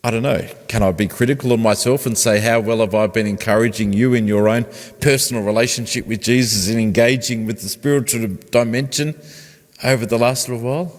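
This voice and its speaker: A long church reverb surrounds a pastor whose steady, mid-range voice moves a little fast. He preaches a conversational sermon, directing questions at the congregation.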